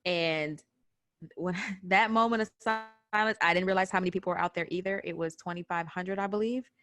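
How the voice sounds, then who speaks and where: A young adult woman from the United States, telling a personal story on a podcast in an animated way, acting out what people said. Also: fairly low pitch, normal speed, faint music behind. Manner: animated retelling with quoted voices. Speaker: podcast guest recounting a protest. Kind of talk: personal storytelling in casual chat.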